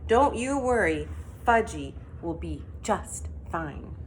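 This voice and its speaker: A woman's voice: fairly low pitch, animated, takes it slowly, a little hiss or hum. A woman voicing a bossy, pushy schoolgirl in a read-aloud storybook, talking in an insistent, wheedling way. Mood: eager, wheedling.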